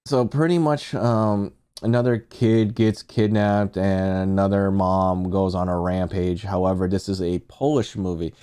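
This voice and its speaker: A man's voice: deep voice, fairly even intonation, measured pace, hardly any pauses, warm tone, clean tone. A man streaming casual movie reviews, rambling and profane as he talks to his chat.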